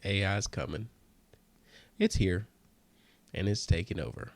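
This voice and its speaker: A man hosting a comedy podcast, rambling and joking in a casual monologue that drifts into soft mutters. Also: low voice, a little slow, creaky, pauses often, no room sound. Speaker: podcast host.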